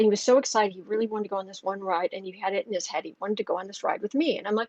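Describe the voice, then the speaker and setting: A woman's voice: mid-range voice, fairly even intonation, fairly quick, darkish tone, dry recording, highs cut off. A woman talking through a tarot reading in a loose, rambling way, with lots of restarts. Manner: rambling, chatty storytelling with restarts. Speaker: tarot reader. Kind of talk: casual tarot reading monologue.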